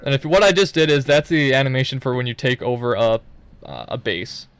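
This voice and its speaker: A man's voice: mid-range voice, brisk, a bit bright, clear, resonant tone, no echo. A young man giving loose, profane, rambling commentary over his own gameplay footage, full of joking asides.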